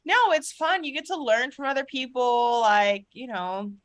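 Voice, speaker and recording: Woman co-host, slightly high voice, chatty and animated storyteller. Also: unhurried. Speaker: podcast co-host. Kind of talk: casual parenting chat.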